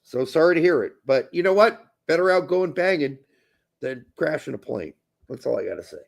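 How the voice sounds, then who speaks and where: A man's voice: on the high side, very animated, brisk, creaky. A man co-hosting a casual soccer podcast, blunt and crude, talking emphatically. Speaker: podcast co-host.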